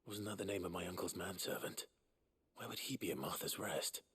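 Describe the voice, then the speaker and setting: A grave, deep-voiced game hero. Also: male voice, fairly quick, fairly bright tone. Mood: puzzled. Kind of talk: video game voice acting.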